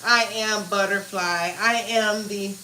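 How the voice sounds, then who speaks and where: Bright, chatty woman cooking live. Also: mid-range voice, level tone, a little slow. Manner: chatty, talks straight to viewers. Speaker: livestream host. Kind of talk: casual live cooking stream. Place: home kitchen. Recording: echoey kitchen with faint noise.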